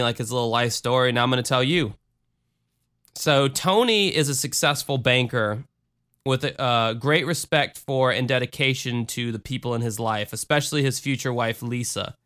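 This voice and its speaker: A man hosting a podcast, talking in a dry, sarcastic deadpan with rambling restarts. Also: mid-range voice, clean tone. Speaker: podcast host. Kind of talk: casual podcast monologue.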